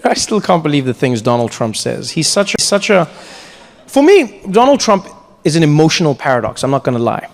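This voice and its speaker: A man from South Africa performing stand-up comedy, telling stories in an animated, exaggerated way. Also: on the high side, brisk, gravelly. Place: large theatre, live audience. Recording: live hall, audience laughter.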